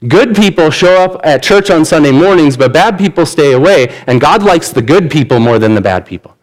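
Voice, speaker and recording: A man's voice: on the high side, animated, a little fast, rough recording. A man, a pastor, preaching a sermon and retelling a Bible story in an easy conversational way, voicing the characters' lines.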